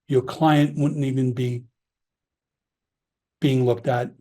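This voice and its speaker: A man's voice: medium pitch, moderate pace, pauses often, mellow. A middle-aged man, a former police officer telling his story in an interview, emotional and profane, acting out the people he quotes. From Long Island, New York.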